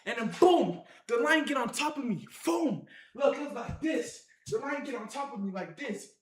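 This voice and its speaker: An excitable storyteller talks straight to the audience, piling on slang and punchy sound effects. The voice sits in a mid pitch and rings around a roomy, echoey space. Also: normal speed. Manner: animated, punctuated with sound effects like "boom"; slangy, addresses the audience directly. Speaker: vlogger telling a story to viewers.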